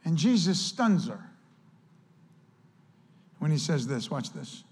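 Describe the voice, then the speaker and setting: A male pastor preaches in an earnest, conversational way, turning often to address the church directly. His voice sits fairly high for a man. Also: very animated, slow, darkish tone, breathy edge. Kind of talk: sermon.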